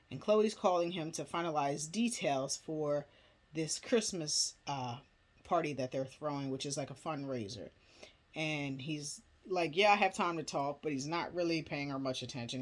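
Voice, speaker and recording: A woman casually retelling a film's plot in a chatty, rambling way, full of filler words. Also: deep voice. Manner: chatty, rambling, many "you know" fillers. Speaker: movie recap vlogger. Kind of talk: casual movie plot recap.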